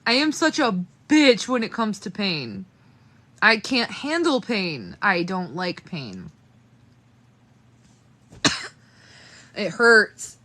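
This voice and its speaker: A woman's voice: mid-range voice, huge pitch swings, slow, pauses often, sharp tone. A young woman livestreaming casually to her viewers, shaky and in pain, laughing nervously and swearing through it. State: trembling, in pain.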